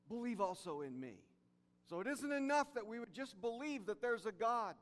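Pastor, male, high-pitched, preaching with emphasis, long church reverb. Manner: emphatic, repeats key phrases, drops to soft low tones for emphasis. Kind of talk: sermon. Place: church sanctuary.

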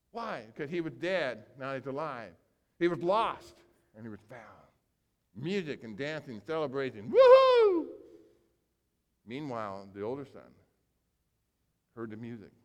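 Animated preacher in a reverberant hall. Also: male voice, medium pitch. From grew up on a small farm. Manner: animated storytelling, acting out characters with big swings in volume. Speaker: pastor. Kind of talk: sermon. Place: church sanctuary.

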